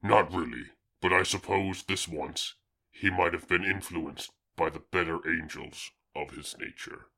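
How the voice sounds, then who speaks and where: A man voicing a calm, wise swamp creature with slow, measured, solemn speech. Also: low-pitched, pitched below the performer's own voice, full character voice.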